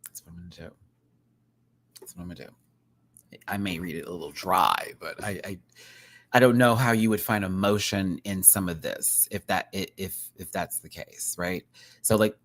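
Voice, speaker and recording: Casual male livestream host, 30s, expressive and chatty, laughs between thoughts. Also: low voice, normal speed, no echo. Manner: chatty and expressive, with frequent laughs and asides to the audience.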